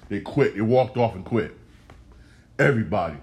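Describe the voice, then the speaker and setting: A man's voice: medium pitch, normal speed. A man hosting a solo podcast, ranting in a heated way, repeating himself and speaking straight to his listeners. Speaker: podcast host.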